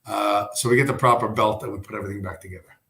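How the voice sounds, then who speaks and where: Low-voiced man rambling in an echoey room. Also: fairly even intonation, very fast, creaky, sharp tone. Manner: rambling, profane, storytelling. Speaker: livestream host. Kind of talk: casual livestream monologue. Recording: roomy echo.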